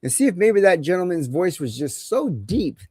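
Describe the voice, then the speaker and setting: A man's voice: high-pitched, sing-song, moderate pace, warm tone. A man hosting a live call-in show, chatting casually and rambling with crude jokes while he struggles with technical problems. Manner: rambling and crude, joking through technical trouble. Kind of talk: casual livestream chat.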